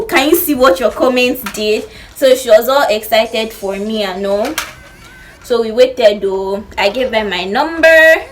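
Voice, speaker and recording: A woman's voice: on the high side, unhurried, a little hiss or hum. Chatty young Nigerian woman telling a story. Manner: animated storytelling, acts out quotes. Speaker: vlogger. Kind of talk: storytime chat.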